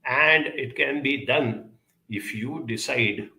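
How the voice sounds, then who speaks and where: A man speaking at a conference, earnest and advising, pausing often with hesitations as he answers audience questions. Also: medium pitch, creaky, bright, forceful tone, echoey room, rough recording.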